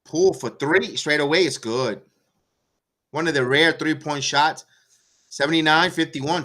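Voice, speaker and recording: Bright-voiced, excitable man calling the game. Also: a little high, unhurried. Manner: excitable, sarcastic, rants at the coach. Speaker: watch-along play-by-play host. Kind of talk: live fan play-by-play commentary.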